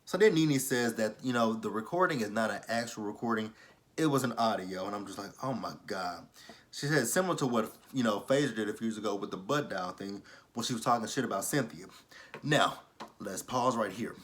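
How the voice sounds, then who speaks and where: Animated, profane man recapping reality TV. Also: a little fast. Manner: animated, profane, re-enacts quotes with swings in pitch. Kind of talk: casual opinionated recap.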